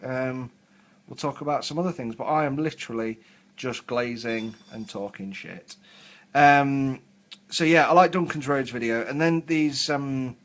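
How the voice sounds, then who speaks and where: A man's voice: mid-range voice, fairly bright tone. Rambling southern English man live-streaming. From England. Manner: rambling, filler-heavy, chatty. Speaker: hobby live-streamer painting miniatures. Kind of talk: casual live-stream chat.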